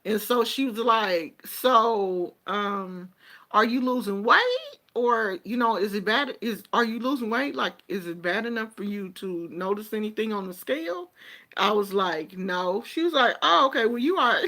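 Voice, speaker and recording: A woman's voice: mid-range voice, lively intonation, measured pace, bright, forceful tone. A woman chatting casually to her viewers, with a Black way of speaking, telling stories and laughing often. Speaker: vlogger.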